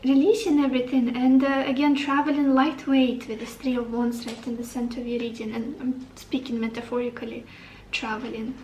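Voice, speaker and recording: A woman's voice: fairly high pitch, little pitch movement, a little fast, hardly any pauses, darkish tone, reverberant, distant mic, a little hiss or hum, rough recording. A woman giving a tarot reading to the camera, upbeat and encouraging, thinking aloud as she turns over cards. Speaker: tarot reader.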